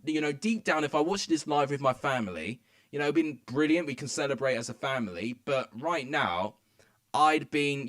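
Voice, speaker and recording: A young man giving excitable, rambling commentary as he live-streams a football match from home. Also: medium pitch. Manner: excitable, rambling, many fillers. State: out of breath. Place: home room.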